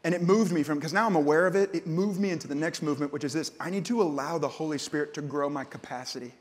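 High-voiced pastor in a reverberant hall. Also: male voice, quick pace. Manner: storytelling, acts out voices, swings from loud to hushed. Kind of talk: sermon. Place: large church hall. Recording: church hall with long reverb.

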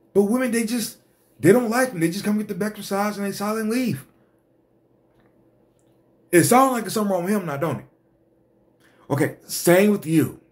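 Male host, ranting commentary, somewhat high pitch, exasperated and foul-mouthed. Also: animated, moderate pace, long pauses. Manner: blunt, profane, exasperated.

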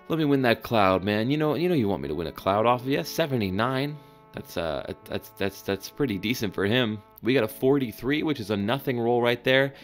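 A man giving excitable, joking live commentary over gameplay, with sudden high-pitched exclamations. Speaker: gaming channel host.

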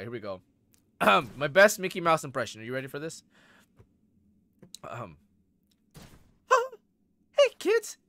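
Lively, excitable man streaming a game. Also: a little high. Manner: excitable, chatty, loud outbursts then mumbling. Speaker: gaming streamer. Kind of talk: live gameplay stream chat. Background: faint game music.

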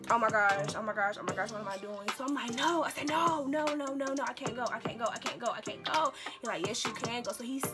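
A young woman speaking recounts a story for her vlog in an animated, dramatic way, repeating her lines for emphasis. Her voice sits a little high, and loud music plays behind her throughout. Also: fast, hardly any pauses. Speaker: vlogger.

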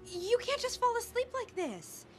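Fussy fretting wife, high lively voice, music under it. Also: female voice. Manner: rapid, fretting, scolding. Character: anxious young wife, fussy and bossy. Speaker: wife and mother.

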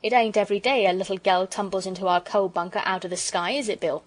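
A woman doing a rough-spoken, teasing fireman. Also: medium pitch, fairly even intonation, fast, lightly acted. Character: rough, teasing working-class fireman, man. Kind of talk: storybook reading.

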